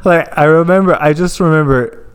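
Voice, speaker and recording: A man's voice: fairly high pitch, moderate pace, a crowd in the background. A man co-hosting a casual chat, telling stories animatedly and laughing often. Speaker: podcast co-host.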